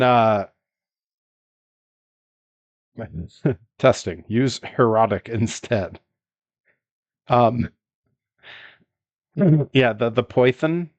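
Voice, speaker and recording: A man chats on his livestream at a mid pitch, laughing easily and trailing off into ums and uhs as he tells a story. His voice is close and dry, with little room sound, as if from a desk mic in a small room. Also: dry recording, lo-fi sound. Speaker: streamer.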